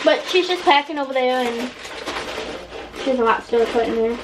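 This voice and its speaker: A woman's voice: high-pitched, fairly even intonation, brisk, heavy background noise. A young woman chatting casually in a vlog from a hotel room, rambling with lots of fillers. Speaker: student vlogger.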